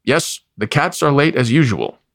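A man voicing a grizzled, stubborn old male bulldog who speaks gruffly and curtly, read from a storybook. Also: medium pitch, sing-song, moderate pace, no room sound, clean studio sound, pitched above the performer's own voice. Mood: indignant.

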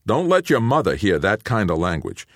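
A bull-necked, middle-aged father, played by a male reader, gruff and stern, with a low voice that rises and falls a great deal. The sound is close and dry. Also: huge pitch swings, moderate pace, dry recording, heavily acted. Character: gruff, thick-set middle-aged father, ship captain.

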